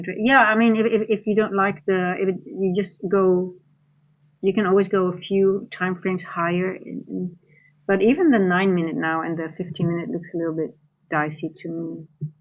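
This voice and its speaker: A woman's voice: fairly low pitch, steady tone, normal speed. Dutch woman streaming trades live, rambly, keeps restarting, reads chat out, kinda dull lo-fi sound. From Netherlands. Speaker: trading coach streaming live.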